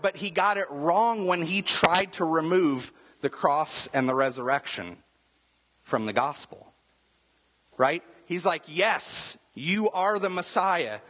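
A man's voice: fairly high pitch, pushed and bright, slightly rough, long reverb tail. A man preaching a sermon as pastor, in a conversational way, often checking in with the congregation by asking "right?". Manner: casual, rhetorical asides with frequent "right?".

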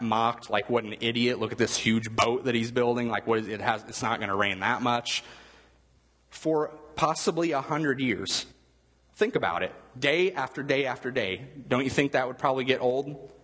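A man's voice: mid-range voice, fairly bright tone, big-room sound. A male pastor giving a conversational sermon, asking his listeners questions as he goes. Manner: conversational, asks the room questions.

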